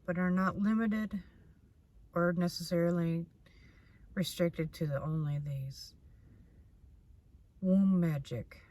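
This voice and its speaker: A woman doing a casual tarot reading, speaking very slowly in a low voice. She is blunt, curses freely and circles back over her points. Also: fairly even intonation, dark tone. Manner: blunt, swears freely, repeats herself. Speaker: tarot reader.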